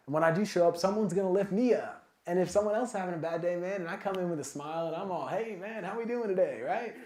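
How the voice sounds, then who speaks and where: A man giving a casual, energetic motivational talk at a sales summit, full of filler words like "like" and "man". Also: on the high side. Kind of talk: motivational talk to a live audience. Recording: echoey event room.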